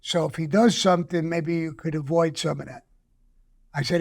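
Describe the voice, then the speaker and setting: An older man tells a story, animated and profane. His voice sits a little high and has a gravelly rasp. He slips into the other people's voices as he quotes them. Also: moderate pace. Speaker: guest. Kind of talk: casual storytelling.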